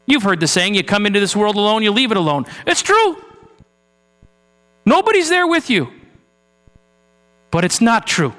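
A man preaching a sermon in a church, earnest, moving between raised urgency and low, hushed passages. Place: church sanctuary. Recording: long hall reverb with mains hum.

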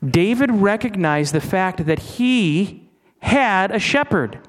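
A man's voice: high voice, animated, slow pace. A middle-aged man preaching a sermon in a conversational way, stumbling over restarts and asking his listeners questions. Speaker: pastor.

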